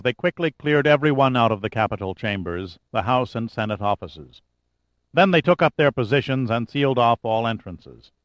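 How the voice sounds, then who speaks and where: Measured male audiobook narrator, dry sound. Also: mid-range voice, no echo. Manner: measured, steady reading.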